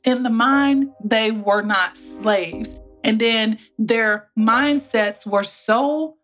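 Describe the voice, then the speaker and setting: Woman, motivational podcast host, lively colloquial storytelling, slightly high voice, faint background music. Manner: lively, colloquial, talks straight to listeners. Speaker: podcast host and business coach.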